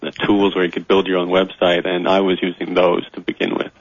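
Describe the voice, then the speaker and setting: A man's voice: deep voice, monotone, fairly quick, no echo, muffled recording. A man from Australia with a Canadian accent, a guest talking easily in an interview and laughing readily. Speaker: guest, professional blogger. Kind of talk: casual interview.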